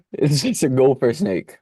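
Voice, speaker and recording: A man's voice: mid-range voice, dark tone, husky, no room sound, studio quality, exaggerated voice. A man reading lines as a joking, sarcastic boy at a rehearsal read-through. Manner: teasing, sarcastic. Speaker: actor in a rehearsal.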